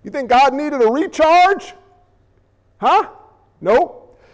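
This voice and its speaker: A male pastor with a notably high voice who preaches slowly and deliberately. He keeps asking rhetorical questions and leaves dramatic pauses. His voice rings with a long reverb in a large church sanctuary. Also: lively intonation, highs cut off. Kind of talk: sermon.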